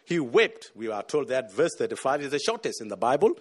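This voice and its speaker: A man's voice: mid-range voice, big pitch swings, brisk, slightly rough. A man preaching a sermon, emphatic and repeating words as he searches for them.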